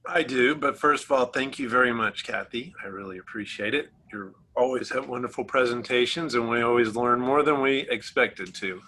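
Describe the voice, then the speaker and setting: A man hosts a relaxed online travel talk over a video call. His voice is bright and ringing, and he talks in a friendly, easygoing way with small fillers and light laughs. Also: medium pitch, moderate pace, hardly any pauses, poor audio. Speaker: travel agency host. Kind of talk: casual virtual presentation.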